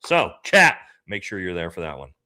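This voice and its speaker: A young man hosts a livestream and chats casually as he reads viewer comments aloud. His voice is low and bright. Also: wildly swooping pitch, normal speed. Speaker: livestream host.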